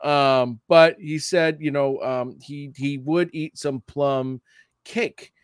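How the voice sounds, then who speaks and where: The podcast co-host has a fairly high male voice with a steady, clean tone and a slow pace. He casually recaps a TV episode, laughing often and acting out quoted lines. There's no room sound, and the studio audio is clean.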